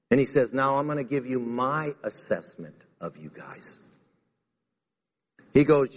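A man preaching a sermon to a church congregation in an animated way, acting out the words he quotes. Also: mid-range voice, measured pace, long pauses. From United States. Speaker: pastor. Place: church sanctuary. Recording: reverberant hall.

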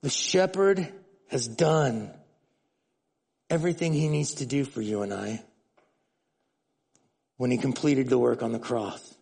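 Slow, gravelly preacher in a reverberant hall. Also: male voice, mid-range voice. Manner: animated, repeats and restarts words, swings between loud and hushed. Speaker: pastor. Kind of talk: sermon.

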